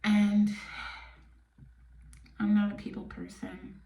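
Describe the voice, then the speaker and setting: A woman from New York hosting her own podcast, talking candidly and bluntly, sometimes dropping to a soft near-whisper. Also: mid-range voice, level tone, slow pace, gravelly. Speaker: podcast host. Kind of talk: casual personal monologue. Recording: echoey room, mic a bit distant.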